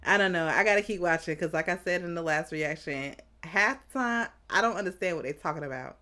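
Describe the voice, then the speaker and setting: A woman hosting an anime reaction, thinking out loud in casual commentary, animated and quick to laugh. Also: lowish voice.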